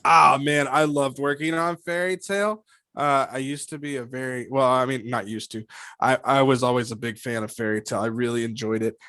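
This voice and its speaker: Man, voice actor guest, animated, laughs a lot, very dry close sound. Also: medium pitch, normal speed, no echo. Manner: animated, laughs often, slips into character voices. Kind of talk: casual interview chat.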